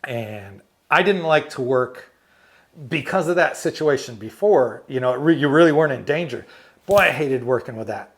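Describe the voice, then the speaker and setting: A man of medium pitch speaking at a moderate pace shares war stories from his time as a US army medic, now retired. The interview is lively: he acts out what people said and laughs frequently.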